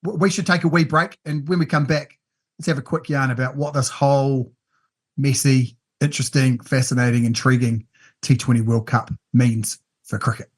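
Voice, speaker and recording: A man's voice: medium pitch, steady tone, moderate pace, breathy edge. A man with a New Zealand accent hosting a podcast, chatting casually and leading the questions. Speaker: podcast host. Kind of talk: casual chat.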